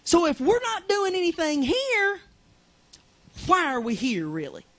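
A woman's voice: very high voice, huge pitch swings, a little slow. A woman preaching a fervent, conversational sermon in a small church.

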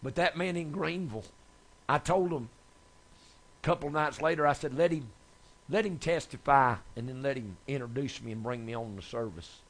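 A man preaching a sermon, telling folksy testimony stories that build to excited shouts. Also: mid-range voice, normal speed. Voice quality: gravelly, husky. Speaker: evangelist preacher.

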